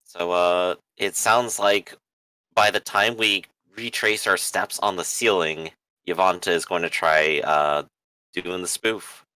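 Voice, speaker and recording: Bright-voiced man thinking aloud as a player. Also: low voice, steady tone, slow pace, clear, resonant tone, no echo, rough recording. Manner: thinks aloud, asks practical questions. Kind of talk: casual tabletop game talk.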